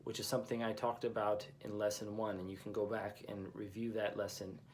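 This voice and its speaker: A man's voice: lowish voice, level tone, a little fast, slight background noise. A man teaching a language lesson who explains patiently and repeats each example phrase twice.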